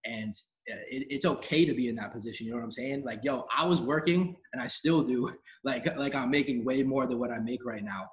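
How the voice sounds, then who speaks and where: A man's voice: medium pitch, fairly quick, rough recording. A man hosting a live online training call, giving an emphatic, repetitive motivational talk in slangy, casual speech. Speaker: host of a team training call.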